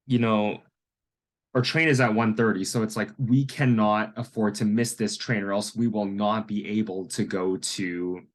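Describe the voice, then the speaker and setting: A young man from Canada telling a personal story in a casual, rambling way, full of fillers. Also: lowish voice. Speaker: vlogger.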